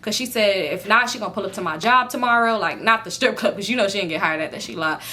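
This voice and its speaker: A young adult woman vlogger in casual storytime, talking in an animated, profane way and acting out what others said. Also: medium pitch, fast talker. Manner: animated, profane, acts out quoted lines.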